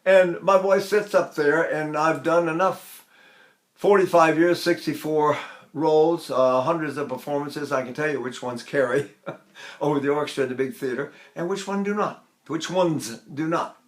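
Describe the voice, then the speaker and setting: Animated older male voice teacher, high voice. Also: normal speed. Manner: animated, demonstrative, breaks into sung and spoken examples. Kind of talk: vocal technique lecture with sung demonstrations.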